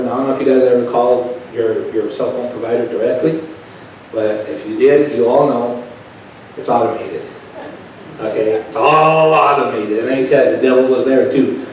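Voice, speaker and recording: Folksy preacher telling a story, echoey church. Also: male voice, medium pitch, a little hiss or hum. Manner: folksy, builds from quiet asides to loud emphatic telling. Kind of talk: storytelling sermon. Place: church sanctuary. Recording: echoey church room heard from a distance.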